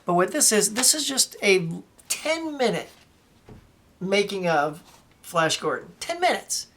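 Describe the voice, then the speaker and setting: A woman's voice: mid-range voice, unhurried, slight background noise. A woman, chatting casually while showing off her movie collection, wandering off topic now and then. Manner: chatty, animated, says "y'all", wanders off topic. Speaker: collector vlogger. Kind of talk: casual show-and-tell vlog.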